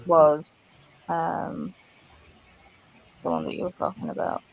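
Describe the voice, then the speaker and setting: Woman, book club member; unhurried, fact-checking, gravelly edge to the voice. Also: deep voice, little pitch movement, rough recording. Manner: checks facts, corrects herself. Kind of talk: casual book chat.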